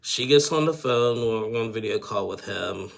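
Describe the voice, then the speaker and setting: A gravelly, low-pitched man talks through a reality show episode in a loose, rambling recap. He piles on fillers and restarts, and his voice has a bright, husky edge. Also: expressive, moderate pace. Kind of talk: casual episode recap commentary.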